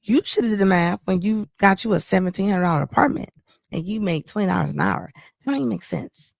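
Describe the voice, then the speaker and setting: A woman with a gravelly, fry-edged voice speaks as a commentary host. She scolds bluntly and repeats lines for emphasis. The sound is close and dry. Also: medium pitch, lively intonation, fairly quick, no echo. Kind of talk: reaction commentary on a live stream.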